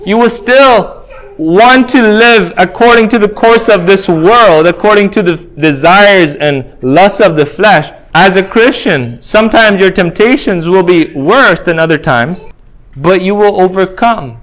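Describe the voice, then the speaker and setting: A man's voice: high voice, a little slow, fairly bright tone. A man preaching a sermon, earnest and insistent, reading scripture aloud and repeating key phrases for emphasis.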